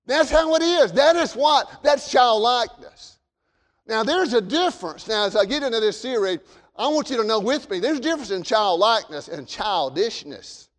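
A male pastor preaches a sermon in a church, his voice unusually high for a man. He pushes some phrases hard and lets others sink low and quiet. Long reverb from the sanctuary trails after his words. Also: animated, moderate pace. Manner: emphatic preaching, rising and dropping in volume.

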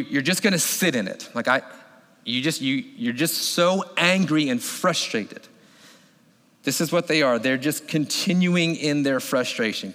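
A male pastor in his thirties delivers an animated sermon, his slightly high voice ringing through a large hall with long reverb. He tells the story vividly, slipping into the voices of the people in it.

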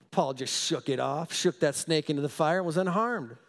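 Male pastor, high voice, animated sermon, long hall reverb. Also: normal speed, hardly any pauses. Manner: emphatic, animated, repeats for stress.

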